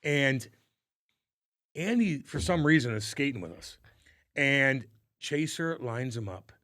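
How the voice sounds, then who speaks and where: A man co-hosting a podcast, telling stories in casual chat, swearing a lot and acting out what people said with loud bursts. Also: medium pitch, takes it slowly, no echo, clean studio sound. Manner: animated storyteller, acts out quotes loudly, swears often. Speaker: podcast co-host.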